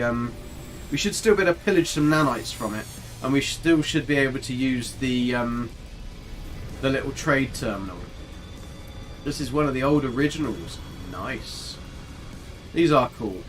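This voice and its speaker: Male streamer, casual and chatty, mid-pitched, light music under. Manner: chatty, swears mildly, talks to his character and viewers. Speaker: gaming streamer. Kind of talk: casual live gameplay commentary.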